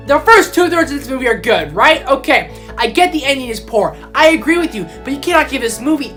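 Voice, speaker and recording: A woman reviewing films in a casual vlog, excitable and easily riled up as she rants. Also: sits high, brisk, soft background music. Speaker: film vlogger. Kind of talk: casual movie review rant.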